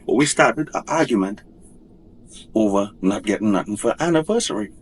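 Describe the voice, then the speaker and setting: A man's voice: lowish voice, lively intonation, normal speed, husky. Rambling man, colloquial and insistent. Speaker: husband in a divorce dispute. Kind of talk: casual rambling talk.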